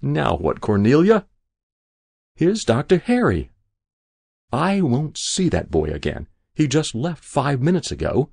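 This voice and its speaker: A man reading aloud, voicing a sharp-tongued, stubborn old woman on her deathbed. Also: mid-range voice, huge pitch swings, a little slow, creaky, slightly rough, no echo, clean studio sound, pitched above the performer's own voice, exaggerated voice. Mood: testy. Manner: querulous, scolding. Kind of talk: audiobook reading.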